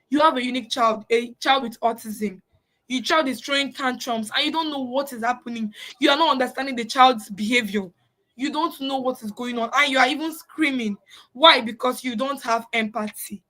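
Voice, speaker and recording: A woman coaches parents in a high, bright voice. She talks earnestly and repeats her points for emphasis, like an informal lesson. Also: poor audio. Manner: earnest, repetitive, acts out parents' complaints. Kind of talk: informal teaching talk.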